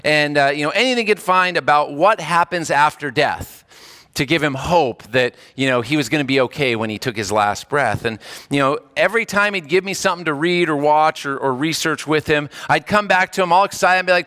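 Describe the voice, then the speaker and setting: A man preaching a sermon, telling a story in an animated, earnest way and repeating phrases for emphasis. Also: fairly high pitch, fairly quick.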